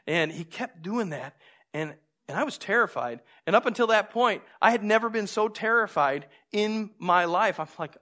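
A man preaching a sermon, telling stories with lively, acted-out moments and drawing lessons from scripture. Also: a little high, moderate pace. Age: adult with a young son. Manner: animated storytelling, acts out scenes. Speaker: pastor.

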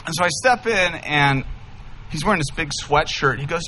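A man in his thirties, a pastor, telling a humorous story in an animated, enthusiastic sermon. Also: on the high side, moderate pace, slight background noise. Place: church sanctuary.

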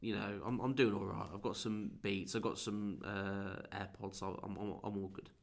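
A man's voice: on the low side, little pitch movement, moderate pace, vocal fry. A man chatting on a football podcast in an easygoing, rambling way, often restarting and calling his co-host mate. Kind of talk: casual football podcast chat.

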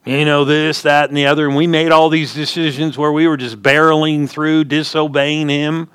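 A man's voice: fairly high pitch, level tone, moderate pace, a bit bright, smooth. Folksy man preaching a sermon. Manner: folksy storytelling preacher, rising emphatic punches. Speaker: pastor.

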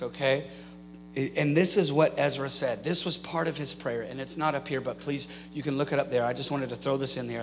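In a church sanctuary, a pastor with a creaky, mid-range, fairly bright voice preaches a sermon to his congregation, posing rhetorical questions and praying with passion. The recording has hall reverb and a faint mains hum.

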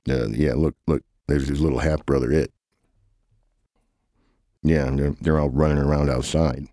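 A man with an extremely low, dark voice rambles through silly, improvised comic banter, stalling with lots of hesitation. The recording is dry and close, with no room sound. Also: fairly even intonation, moderate pace, no room sound.

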